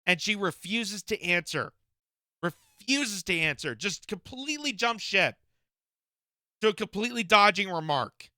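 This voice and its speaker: A man's voice: sits high, lively intonation, unhurried, pushed and bright, no echo, clean studio sound. A man from Canada giving indignant reaction commentary, firing off rhetorical questions with frequent fillers. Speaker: political commentator.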